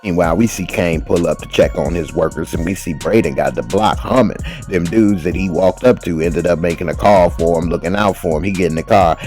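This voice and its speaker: A man with a very low voice recaps a TV episode in a loose, slangy way. He tells the story with animation and jumps into the characters' lines. Faint music plays in the background. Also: brisk, hardly any pauses, darkish tone. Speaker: TV recap host.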